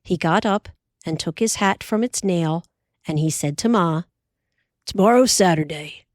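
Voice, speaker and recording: A woman narrating an audiobook in a measured, unhurried way. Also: on the low side, no room sound, studio quality. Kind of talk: scripted narration.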